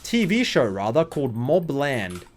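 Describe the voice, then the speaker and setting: A man's voice: mid-range voice, sing-song, measured pace, faint music behind. A young man, jet lagged, rambling through casual gameplay commentary as a streamer with joking, sarcastic asides.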